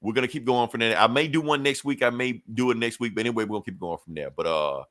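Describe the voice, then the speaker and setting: A man's voice: mid-range voice, quick pace, a bit bright, no echo. A man casually retelling a comic book story on a podcast, acting out the characters' lines and laughing often. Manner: loose storytelling, acts out quotes, laughs often. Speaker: podcast co-host.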